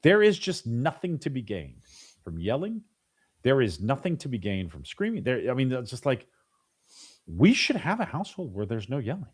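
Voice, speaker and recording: This podcast guest is a middle-aged man with a husky, mid-range voice whose pitch swoops wildly while he keeps a normal speed. In a casual interview he gets animated, restarts often, repeats words, and mimics parents and children.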